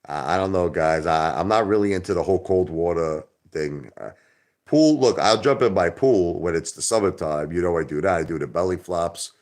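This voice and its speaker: A man hosting a casual livestream, rambling and repeating himself, jumping from loud outbursts to low mutters and softening his swear words. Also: normal speed. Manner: minces swear words into euphemisms. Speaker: livestream host.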